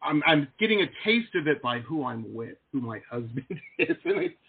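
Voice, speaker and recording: A man's voice: a little high, very animated, normal speed, slightly rough. A man hosting an interview over a video call, chatty, jokey and rambling. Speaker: host, painter. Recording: tinny phone-like call audio.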